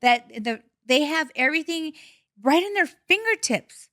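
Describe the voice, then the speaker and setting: A middle-aged woman hosting a casual podcast, with a bright, fairly high voice. She talks bluntly and animatedly, swearing as she tells stories. The sound is dry and close. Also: expressive, measured pace, no room sound. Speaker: podcast host. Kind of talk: casual chat.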